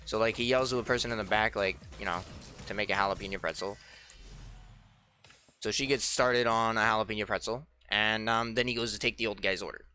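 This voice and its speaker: Bright-voiced young man rambling. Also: on the low side, fairly even intonation, brisk, smooth. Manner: rambling, chatty, acts out quoted people. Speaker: let's play host. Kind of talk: casual storytelling over gameplay. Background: faint game music.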